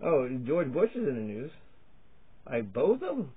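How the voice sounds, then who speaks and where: A man's voice: on the high side, big pitch swings, unhurried, creaky, pauses often, slightly rough. A man rambling through a profane, jokey comedy monologue to his camera, jumping from topic to topic. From Virginia, USA. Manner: crude, profane, jokey, jumps between topics. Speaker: comedy vlogger. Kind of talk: rambling stand-up style monologue. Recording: tinny phone-like lo-fi sound.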